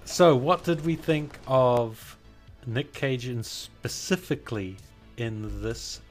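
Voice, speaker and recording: Male podcast co-host, wry and deadpan, faint music under the talk. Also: medium pitch, takes it slowly. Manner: dry, wry humor. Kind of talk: casual chat.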